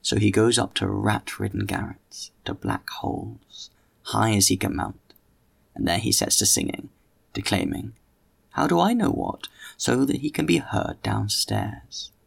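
A man voicing a fickle, passionate, gossipy young woman in an audiobook, speaking slowly and drawing out his words. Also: fairly low pitch, big pitch swings, vocal fry, exaggerated voice. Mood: gossiping. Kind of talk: audiobook character reading.

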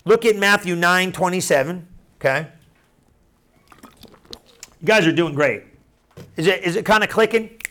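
A male preacher delivering a sermon with a fairly high voice. He talks loosely and conversationally, circling back on phrases and checking in with the room. His tone stays animated and direct. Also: unhurried, long pauses. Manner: conversational, animated, repeats and restarts phrases, asks the room questions.

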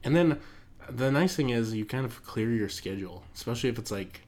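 Podcast host dude, goofy and giggly, voice bouncing all over, kinda worn out. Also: male voice, medium pitch, lively intonation, a little fast, darkish tone. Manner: laughs often, rambling and playful. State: voice tiring. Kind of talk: casual chat.

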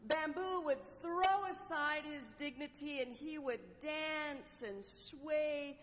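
A woman preacher telling a parable as a sermon, with measured delivery and dramatic pauses. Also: sits high, a bit bright. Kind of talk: sermon storytelling. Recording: long echoing hall reverb.

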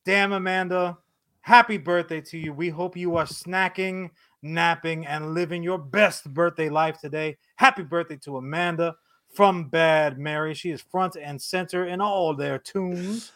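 A man co-hosting a podcast, slangy and casual, with a quick sponsor read. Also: a little high, fairly even intonation, fairly bright tone. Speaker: podcast co-host.

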